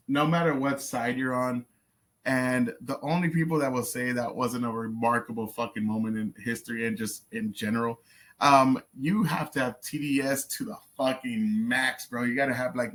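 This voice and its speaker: A man's voice: medium pitch, steady tone, normal speed, a bit bright. A man hosting a reaction video, talking in a blunt, profane, casual way. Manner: profane, blunt, lots of fillers.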